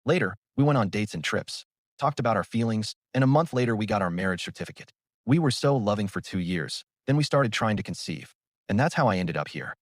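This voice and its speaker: A man's voice: fairly low pitch, animated, a little fast, dry recording, studio quality. Teasing young woman, voiced by a man. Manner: sweet and playful.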